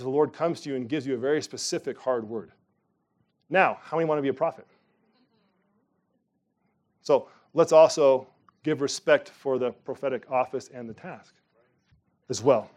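A middle-aged man preaching a sermon from the pulpit, emphatic and animated, with sudden loud rises. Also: medium pitch, moderate pace, pauses often. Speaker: pastor.

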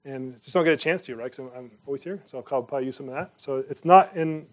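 A man's voice: medium pitch, fast talker. A man preaching as a pastor, earnest and conversational, asking rhetorical questions and praying fervently. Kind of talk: sermon and closing prayer.

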